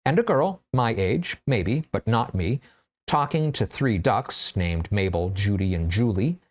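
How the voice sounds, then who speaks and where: A man who reads a story aloud expressively, then hosts a relaxed, chatty writing class. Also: on the low side, measured pace. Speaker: writer and class host.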